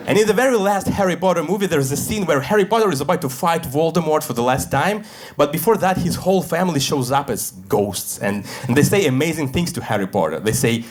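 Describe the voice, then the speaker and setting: On a comedy club stage, a Russian man in his thirties performs a deadpan stand-up set in English with a Russian accent. His voice sits on the high side, and he uses fillers and makes small slips.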